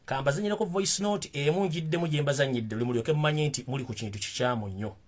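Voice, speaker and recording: A man with a husky voice giving heated, scolding commentary that builds to emphatic outbursts. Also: on the high side, quick pace.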